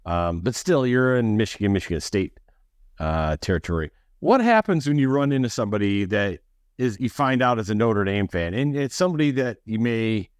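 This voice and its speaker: A man co-hosting a casual sports podcast over a remote call, telling animated stories and acting out what other people said. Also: lowish voice, dry recording, studio quality. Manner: animated, acts out quoted voices. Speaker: podcast co-host.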